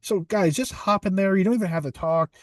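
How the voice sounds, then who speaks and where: A man's voice: high-pitched, a little fast, no echo. A man co-hosting a golf betting podcast, chatting casually and upbeat with many fillers and restarts. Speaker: podcast co-host.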